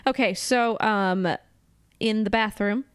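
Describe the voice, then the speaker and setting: A woman's voice: medium pitch, slow pace, clean tone, dry recording, studio quality. A woman co-hosting a casual podcast, recapping a film scene by scene, chatty and laughing often. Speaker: podcast co-host.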